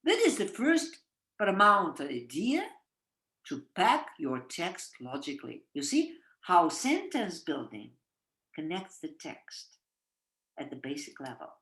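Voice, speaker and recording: A woman's voice: fairly low pitch, huge pitch swings, a little slow, a bit bright, echoey room. A woman, teaching English writing in a webinar and quizzing her students with questions. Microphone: video call.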